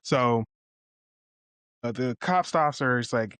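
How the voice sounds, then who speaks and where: This film review podcast co-host speaks slowly, his voice sitting at a middling pitch. He animatedly walks through scenes, voices the lines he quotes, and curses casually, all on a close, dry track free of room sound.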